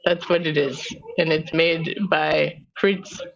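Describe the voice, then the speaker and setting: A woman's voice: low voice, fairly even intonation, takes it slowly, creaky. A woman hosting a podcast in casual chat, giggling often and swearing freely as she rambles. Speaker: podcast host. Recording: muffled lo-fi recording.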